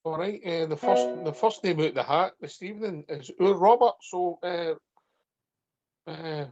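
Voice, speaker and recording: A man's voice: fairly high pitch, unhurried, a little mellow, lo-fi sound, faint music behind. A man hosting a fan radio phone-in, friendly and informal with callers. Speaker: host. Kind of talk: casual radio chat.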